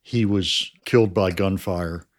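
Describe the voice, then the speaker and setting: Low-voiced man explaining in measured tones. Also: fairly even intonation. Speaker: writer of a crime series. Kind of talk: interview answers.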